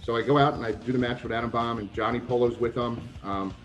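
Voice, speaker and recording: A man guest in a casual interview, telling lively anecdotes and acting out the people he quotes. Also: medium pitch, fast talker, lo-fi sound, soft background music. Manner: animated anecdotes, acts out quoted voices, swears. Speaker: retired pro wrestler, guest.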